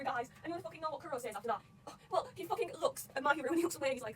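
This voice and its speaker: A woman talking loudly and excitedly about a manga, swearing constantly in casual fan commentary. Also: high-pitched, very fast, hardly any pauses, far from the mic, a little hiss or hum. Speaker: manga reaction vlogger.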